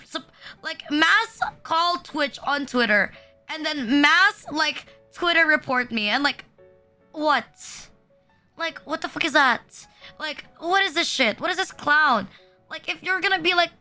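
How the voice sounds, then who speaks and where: This streamer's high, bright voice has a forceful edge as she vents to her chat in a casual livestream. She curses freely and fills every sentence with "like," sounding exasperated, while faint music plays behind her.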